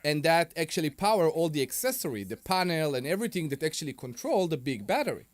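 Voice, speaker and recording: Male radio co-host, lively pitch swings, playful, jokey, dry close sound. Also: fast talker, dry recording. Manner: playful, interjecting. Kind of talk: bantering radio talk. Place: radio studio.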